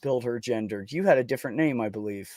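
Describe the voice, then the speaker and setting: A man hosting a casual livestream chat, telling stories with wry sarcasm and lively, emotional delivery. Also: mid-range voice, fast. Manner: wry, sarcastic, animated storytelling. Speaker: streamer host.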